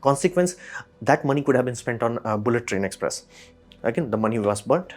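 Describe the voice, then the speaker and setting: A man from India giving a blunt, exasperated opinion monologue, often mimicking other people in quick asides. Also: medium pitch, animated, soft background music. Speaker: commentator.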